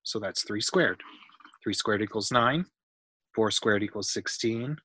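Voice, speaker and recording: A man reading a storybook aloud to a child, pausing patiently to explain the math. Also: lowish voice, bright, forceful tone, slightly rough, no echo.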